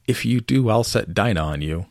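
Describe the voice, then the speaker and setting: A man's voice: low voice, animated, fairly quick, vocal fry, no room sound, studio quality, heavily acted. A man voicing a curious, talkative little girl who muses aloud to herself, in a storybook reading. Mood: wondering. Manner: musing to herself.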